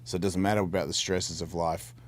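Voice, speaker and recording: Deep-voiced and flat in delivery, this middle-aged man talks a little fast as he co-hosts a podcast. His candid personal story comes out earnest and rambling, with words repeated and sentences restarted partway.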